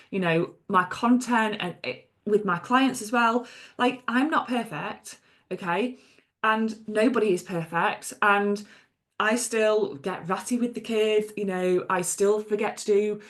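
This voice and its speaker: A woman from talks straight to her listeners in an unscripted solo podcast. She is chatty and emphatic, drops in "okay?" and "right?" asides, and swears without a second thought. Her voice sits at an ordinary middle pitch for a woman. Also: fairly bright tone. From England. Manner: blunt, swears freely. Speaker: podcast host and coach.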